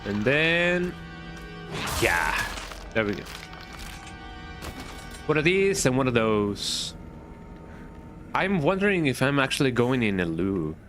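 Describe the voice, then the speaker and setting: A man's voice: mid-range voice, very animated, takes it slowly, pauses often, music in the background. A man streaming a horror game, thinking aloud in a chatty, playful way and often tagging remarks with "eh?". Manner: thinks aloud, repeats words in silly riffs. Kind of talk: casual gaming commentary.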